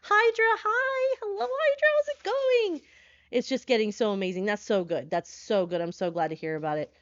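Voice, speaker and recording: A woman horror streamer chatting live with her viewers, excitable, laughing often and swearing when startled, talking from a hotel room. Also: fairly low pitch, a little fast, no room sound, dull audio.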